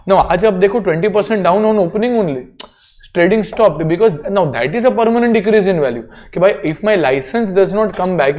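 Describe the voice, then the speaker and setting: A man's voice: high voice, a little mellow. A man with an Indian accent giving a classroom accounting lecture, explaining step by step and checking in with students.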